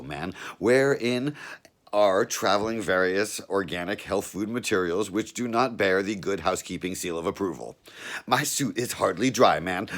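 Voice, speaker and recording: A man's voice: fairly low pitch, fairly bright tone. A man reading a novel aloud in a laid-back first-person drawl, tacking 'man' onto his phrases. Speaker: reader.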